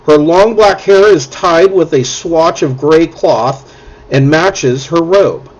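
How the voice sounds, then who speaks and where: A man running a tabletop game as dungeon master, narrating scenes in a relaxed, descriptive way. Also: a little high, takes it slowly. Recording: dull lo-fi audio.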